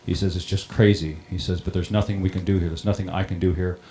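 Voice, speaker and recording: Deep-voiced man telling his own story. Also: steady tone, dark tone, a little hiss or hum. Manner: plain-spoken, halting, many ums and restarts. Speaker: water district operator on a panel. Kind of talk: personal storytelling.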